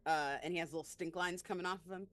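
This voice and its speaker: A woman's voice: fairly low pitch, steady tone, fast talker, a bit bright. A woman player in a tabletop game, describing her character's actions in chatty, filler-laden talk.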